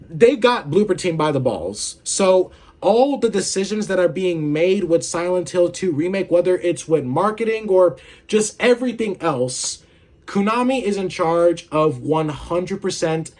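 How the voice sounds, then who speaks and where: A young man hosting a casual video game commentary, rambling and swearing with lots of filler words while feeling unwell with a headache. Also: high-pitched. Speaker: gaming video host.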